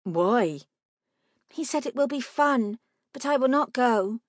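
A woman's voice: a little high, expressive, takes it slowly, no room sound, studio quality, voice pushed up. Woman doing a prim, stubborn ten-year-old girl. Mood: firm. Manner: prim, firm and argumentative.

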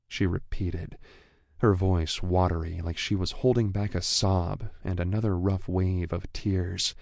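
A man reads a first-person novel in a low, gravelly voice. His delivery is slow and measured. The recording is dry and close, with no room sound. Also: steady tone, a little mellow, dry recording. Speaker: audiobook narrator. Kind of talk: first-person scripted narration.

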